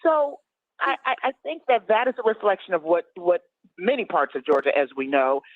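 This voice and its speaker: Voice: mid-range voice, very animated, brisk, no room sound. A radio panel guest speaks emphatically, repeating points for weight. The voice is heard over a tinny, phone-like line with a dry, close sound.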